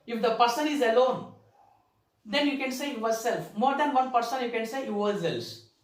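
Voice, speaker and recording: A woman teaching a grammar lesson, repeating words slowly and stressing key terms. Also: a little high. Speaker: English teacher. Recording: echoey room, far from the mic.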